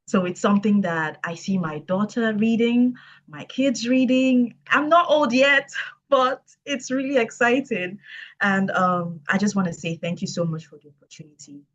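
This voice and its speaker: A woman's voice: medium pitch, normal speed. A woman in her twenties, a book co-author, speaking upbeat and a little hesitant with many ums. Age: 20s. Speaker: co-author, administrative assistant. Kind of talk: casual speech. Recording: dull lo-fi sound.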